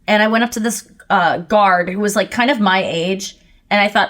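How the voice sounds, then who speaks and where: A woman's voice: medium pitch, a little fast. A woman hosting a podcast in casual chat, telling stories with lots of animation, acting out what people said and laughing as she talks. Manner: animated storytelling, acts out people's lines; laughs often while talking. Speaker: podcast host.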